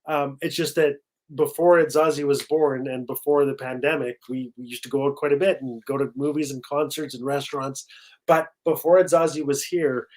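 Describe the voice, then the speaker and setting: Middle-aged man, author guest, lively storyteller, slightly high voice, video call. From Canada. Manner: warm storytelling with repetitions and acted quotes. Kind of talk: live-streamed conversation.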